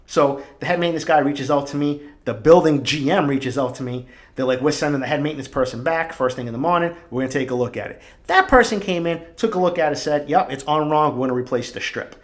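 A man's voice: on the high side, quick pace, hardly any pauses. A man from East Boston with a Boston accent, hosting a podcast and telling a fired-up, profanity-laden story into his microphone. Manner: profane, fired-up, swears constantly. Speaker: podcast host. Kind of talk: casual storytelling rant. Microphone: studio microphone.

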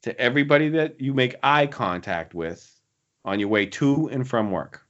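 A man co-hosts a casual podcast and earnestly presses listeners to do better. His pitch swoops up and down with a lot of life. The sound is dull and lo-fi. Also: expressive, normal speed, a bit bright. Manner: earnest, preachy, encouraging. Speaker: podcast co-host.

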